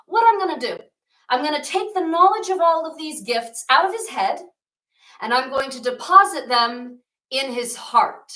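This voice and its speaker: A woman's voice: high-pitched, expressive, normal speed, pushed and bright, reverberant, recorded from a distance, poor audio. A woman voicing a male Hindu god who is eager, self-assured and insists on being heard. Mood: insistent.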